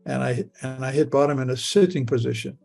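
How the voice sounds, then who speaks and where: An older man telling his own story in a halting, stammering way, with frequent restarts. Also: mid-range voice, vocal fry, darkish tone, soft background music. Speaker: storyteller recounting a near-death experience. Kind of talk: personal storytelling.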